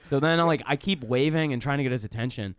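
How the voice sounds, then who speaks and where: A man's voice: mid-range voice, fast talker, a bit bright, no room sound, clean studio sound. A male comedian telling a story on a podcast, swearing freely and breaking into laughs as he goes. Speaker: comedian guest.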